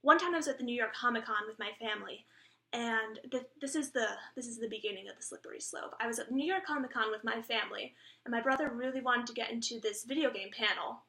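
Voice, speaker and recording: A woman's voice: a little high, quick pace, sharp tone, echoey room. A twenty-year-old woman, an actress, giving a blunt, self-deprecating improvised comic monologue for a self-tape. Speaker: actress auditioning. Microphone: camera mic of a self-tape.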